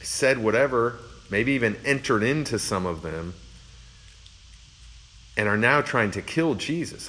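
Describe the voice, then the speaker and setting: A man's voice: medium pitch, expressive, unhurried, pauses often, a bit bright. A man preaching a Bible teaching in a conversational, reflective way, with frequent fillers.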